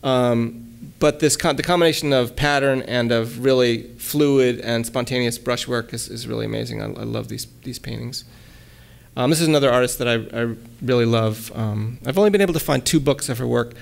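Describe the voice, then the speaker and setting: Man, lecture, gravelly voice, halting ums, reads poems aloud. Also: mid-range voice. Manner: relaxed, hesitant with many ums and restarts. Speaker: illustrator giving a lecture. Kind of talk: casual lecture with poem readings. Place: college lecture hall.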